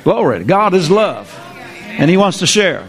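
A man preaching a sermon, lively, repeating his phrases and drawing responses from the congregation. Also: sits high, unhurried, faint music behind.

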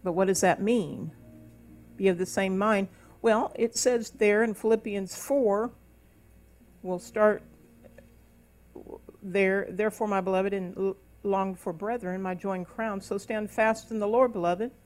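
A woman's voice: mid-range voice, fairly even intonation, measured pace, darkish tone, faint music behind. Woman minister preaching in a church. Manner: preacherly, speaks in tongues, rises into emphatic calls. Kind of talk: sermon. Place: church service.

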